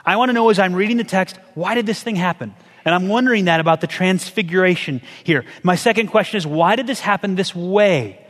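A man with a fairly high voice preaches to his congregation in an easy, conversational way, often pausing to ask questions. His words ring out with a long reverb, as in a large church sanctuary. He keeps his delivery engaged and chatty rather than formal. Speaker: pastor. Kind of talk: sermon.

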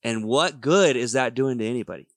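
A man co-hosting a casual faith podcast, chiming in with quick reactions and musing aloud. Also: medium pitch, no room sound. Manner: lively, chimes in with quick reactions. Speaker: podcast co-host.

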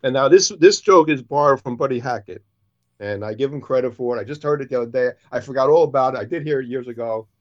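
A man telling jokes casually on a show he co-hosts. He tells them in an animated way, raising his voice for each character's lines. The sound is dull and lo-fi. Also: fast talker. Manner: animated storyteller, jumps higher for characters' lines.

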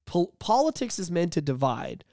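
A man co-hosting a casual podcast, talking animatedly and swearing, slipping into mocking high voices. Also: sing-song, normal speed, vocal fry, mellow, no room sound, studio quality. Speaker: podcast co-host. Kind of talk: casual chat.

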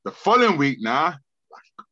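A man's voice: on the high side, a little slow, no room sound, highs cut off. A man with a London accent telling a long story as a podcast guest, acting out the voices of others and often restarting his sentences. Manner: animated, acts out quoted voices, frequent stammered restarts. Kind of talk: storytelling in a casual interview.

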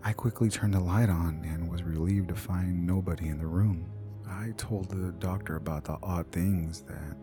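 Deep gravelly male horror narrator. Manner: hushed, half-whispered delivery.

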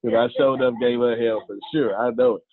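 Husky man telling stories. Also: mid-range voice, fairly even intonation, brisk. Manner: joking, conversational, preacher-like asides. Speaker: motivational speaker. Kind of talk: casual storytelling talk. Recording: phone-like lo-fi line.

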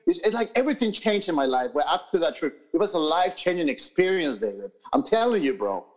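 Talking fast in a slightly high, very animated voice, a New York podcast co-host rambles profanely in the studio. His casual speech is packed with fillers and restarts.

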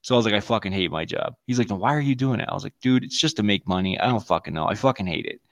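A man's voice: on the low side, expressive, rapid-fire. A young man co-hosting a podcast, chatting casually, swearing a lot and laughing through his stories. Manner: profane, laughing, puts on silly voices in stories. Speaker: podcast co-host. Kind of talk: casual chat.

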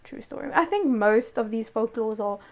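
A woman's voice: fairly high pitch, lively intonation, normal speed, crowd noise. Woman telling a ghost tale. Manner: reads a story with laughing asides. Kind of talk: casual storytelling chat.

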